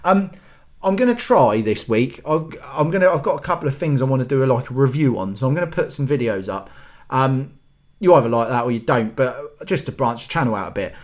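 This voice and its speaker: A man's voice: medium pitch, expressive, a little fast. A man hosting his own channel, ranting in an exasperated, sweary, rambling way. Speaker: channel host. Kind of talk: ranting vlog monologue.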